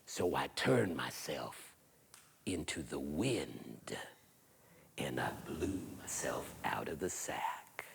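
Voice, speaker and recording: A male storyteller voicing a nasty, sly hairy monster with a low, menacing drawl. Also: sing-song, slow pace, gravelly, slight background noise, exaggerated voice.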